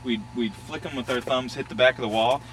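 A man's voice: mid-range voice, steady tone, brisk, fairly bright tone, slight background noise, low-quality recording. A man casually telling childhood stories outdoors at a schoolyard, acting out voices and sound effects and laughing often. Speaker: storyteller revisiting his old school. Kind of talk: casual reminiscing.

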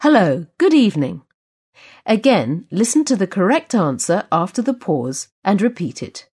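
A woman's voice: medium pitch, very animated, moderate pace, a little mellow, breathy edge. A woman presenting a scripted language course, patiently telling the listener when to repeat. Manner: patient instructive delivery. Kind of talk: scripted language-lesson narration.

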